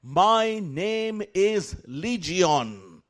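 A man voicing a demon that speaks through a possessed girl, in a slow, deep, guttural manner. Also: animated, heavily acted. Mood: menacing. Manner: menacing, defiant.

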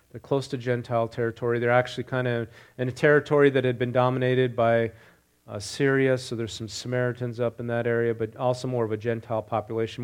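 A male pastor leading prayer and then preaching through a scripture passage, getting louder on the quoted lines and putting questions to his congregation. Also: mid-range voice, smooth. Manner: animated, rising loud on quoted lines, asks congregation questions. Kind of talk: sermon with scripture reading.

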